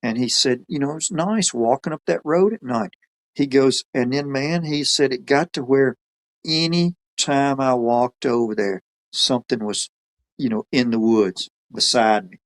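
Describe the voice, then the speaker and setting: Casting: man, mid pitch, folksy rambling storyteller. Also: measured pace. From Alabama. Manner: folksy, rambling, quotes others in his own voice. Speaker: podcast guest telling a story. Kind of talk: casual storytelling.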